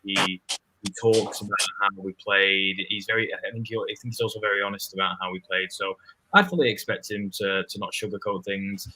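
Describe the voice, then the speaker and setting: A man with an English accent, a guest fan giving his match opinions in halting speech with many restarts. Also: on the low side, little pitch movement, bright, forceful tone, slight background noise, rough recording. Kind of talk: casual football fan chat.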